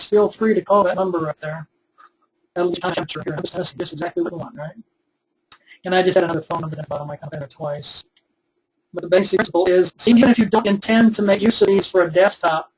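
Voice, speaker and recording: A man's voice: sits high, a little hiss or hum, rough recording. A man in his twenties, teaching a recorded web development webinar in a conversational, step-by-step way with frequent fillers. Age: 20s.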